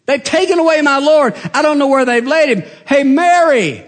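A man's voice: very high voice, expressive, moderate pace, long reverb tail, pitched above the performer's own voice. A man voicing an earnest grieving woman witness. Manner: earnest, pleading testimony. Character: grieving woman witness telling her story.

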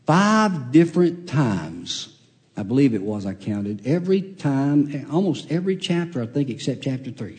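A man preaching a storytelling sermon, folksy and animated, acting out the characters in his story. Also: moderate pace. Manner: folksy, animated, acts out characters with big pitch jumps. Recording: long reverb of a large hall.

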